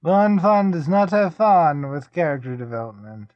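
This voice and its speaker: A man's voice: a little high, animated, normal speed, no room sound. A man co-hosting a casual review podcast, chiming in with jokes, recorded on a slightly dull lo-fi mic. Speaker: podcast co-host. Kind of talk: casual anime review chat.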